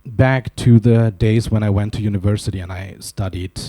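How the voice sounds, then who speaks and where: A man's voice: on the low side, normal speed, mellow. A man from Germany giving a conference talk, telling wry, self-deprecating stories with asides. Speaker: conference speaker. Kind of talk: humorous keynote talk. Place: conference hall.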